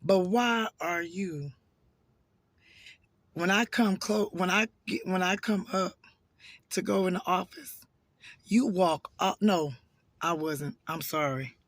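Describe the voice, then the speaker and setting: Hoarse man, high voice, casual storytime vlogger, chatty and animated. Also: takes it slowly, pauses often, no echo. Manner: chatty, animated, addresses viewers as y'all. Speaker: vlogger telling a work story.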